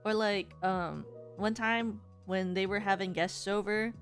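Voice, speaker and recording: A woman's voice: medium pitch, fairly even intonation, a little slow, faint music behind. A woman streamer chatting casually to her viewers in a rambling way, with many filler words.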